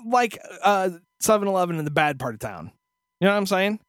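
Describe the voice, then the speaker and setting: A man's voice: high voice, big pitch swings, fairly quick, a bit bright, no room sound, studio quality. A man co-hosting a podcast, telling a story as a profane, exasperated rant in casual chat. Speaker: podcast co-host.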